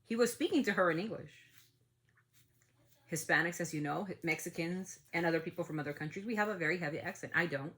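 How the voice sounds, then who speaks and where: Low-voiced outspoken woman podcast host. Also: fast, fairly bright tone. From United States. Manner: heated, outspoken, swears freely. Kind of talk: casual opinion talk.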